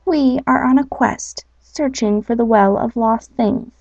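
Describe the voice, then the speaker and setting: A proud elf quester from a storybook, speaking in slow, measured tones, as a woman reads the part. The recording is dull and lo-fi, with a dry sound. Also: a little high, gravelly, a little mellow, no room sound.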